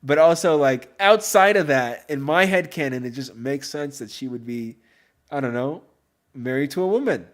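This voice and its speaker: A man hosting a podcast in casual chat, rambling and excitable, with many fillers. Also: mid-range voice, normal speed. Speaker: podcast host.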